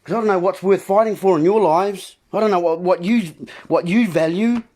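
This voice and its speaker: A man's voice: sits high, moderate pace, a little mellow. A man hosting a political monologue, ranting and repeating himself as he keeps addressing his listeners as folks. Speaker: video host.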